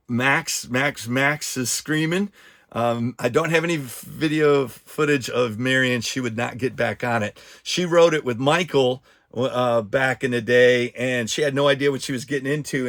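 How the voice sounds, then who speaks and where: A man hosting a podcast, chatting casually and rambling with frequent restarts and asides. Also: medium pitch. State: out of breath. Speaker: podcast host.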